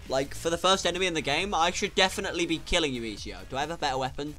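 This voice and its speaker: A young man giving casual, sarcastic gameplay commentary, swearing and breaking into sudden loud outbursts. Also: fairly high pitch, animated, a little fast, soft background music. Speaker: gaming YouTuber.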